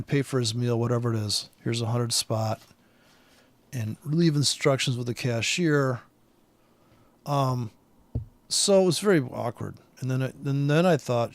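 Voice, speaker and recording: A man's voice: medium pitch, dry recording. A man in a rambling, profane vlog rant, angry and restless, full of fillers. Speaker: vlogger.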